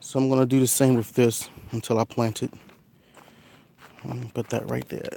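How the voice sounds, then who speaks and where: A man's voice: flat delivery, moderate pace, creaky, mellow, slight background noise. Casual gardening vlogger, young man, rambling and easygoing, recorded outdoors on a phone. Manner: chatty, rambling, talks to his cats in a high coaxing voice. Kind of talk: casual vlog talk while gardening. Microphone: phone camera.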